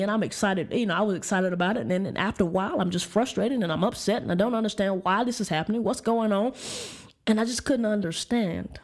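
A woman preaching and telling a candid personal story of frustration and faith, with restarts and light laughs. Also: mid-range voice. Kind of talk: personal testimony sermon.

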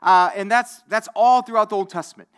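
A man's voice: high voice, fairly quick, a bit bright, clear, resonant tone. A man in his forties preaching in a loose, conversational way. He restarts phrases, repeats himself and keeps asking his listeners whether they follow. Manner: conversational, repetitive, asks the audience. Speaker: pastor. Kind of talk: sermon.

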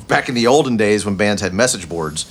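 Man, casual chat, wry and laid-back, pitch moves a lot. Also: lively intonation, fairly quick, a little hiss or hum. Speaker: former guitar shop worker.

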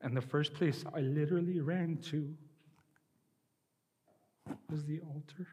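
A man preaching a sermon and leading a closing prayer, earnest and emotional, with slow heartfelt pleading. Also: on the high side, steady tone, mellow, breathy edge, big-room sound.

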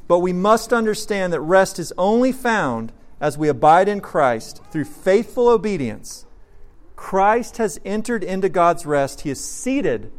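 A man preaching a sermon as a pastor, earnest, moving from soft, slow passages to emphatic ones. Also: high voice. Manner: earnest, with dramatic swings between soft and emphatic.

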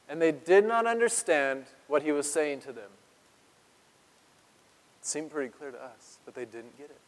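A man's voice: fairly high pitch, lively intonation, normal speed, long pauses, long reverb tail, rough recording. A male pastor giving a playful, conversational sermon in a church, chuckling often and speaking straight to the congregation.

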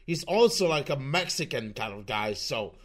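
A man's voice: mid-range voice, very animated, normal speed. A young man ranting through online commentary over a screen recording, profane and sarcastic, often restarting his sentences.

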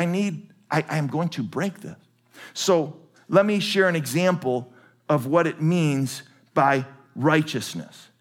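High-voiced animated male preacher. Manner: animated, jokey preaching to a congregation. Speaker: pastor. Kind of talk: sermon. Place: large church with balcony.

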